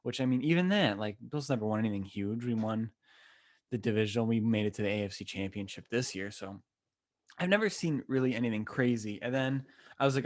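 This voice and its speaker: Excitable young man. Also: on the low side, a little fast. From Western New York. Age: 20s. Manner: animated, rambling, slangy and excitable. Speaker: podcast host. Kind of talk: casual solo podcast storytelling. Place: temporary room, not his usual setup.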